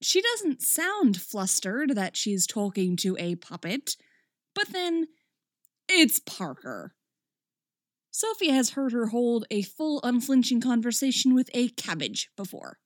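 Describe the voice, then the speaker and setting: A woman reads a story aloud with a wry, expressive delivery. Her voice is fairly high and swoops widely, and she takes an unhurried pace. The recording is dry and close. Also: no room sound. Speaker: story reader. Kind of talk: reading fan fiction aloud.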